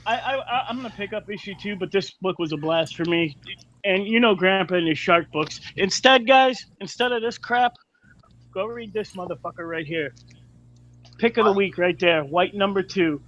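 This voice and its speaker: A man's voice: high voice, normal speed, fairly bright tone, dull audio. Crude, joking man talking comics. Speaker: comic book reviewer. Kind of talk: casual live-stream chat.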